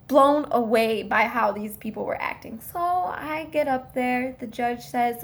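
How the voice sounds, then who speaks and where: A young woman tells a story straight to her phone camera with a high, bright voice. She is animated and indignant, and she acts out what each person in the story said. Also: unhurried, gravelly, hardly any pauses. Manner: animated, indignant retelling with quoted dialogue. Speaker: vlogger. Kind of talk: storytime vlog.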